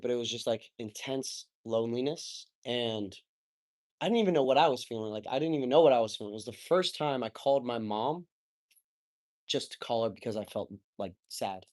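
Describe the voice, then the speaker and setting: Guesting on a podcast, a young man with a mid-pitched, slightly mellow voice gives a loose, conversational, candid account of his story. He's open and emotional, swearing casually and repeatedly saying "like" and "bro."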